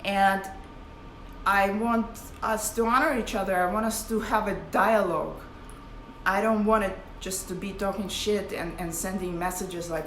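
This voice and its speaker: A woman speaks to her followers on a live stream, impassioned and preachy, with plenty of swearing. Her voice is bright and forward. The room gives it a noticeable echo, with faint ambience behind her. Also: medium pitch, steady tone, normal speed, slight background noise. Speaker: spiritual teacher.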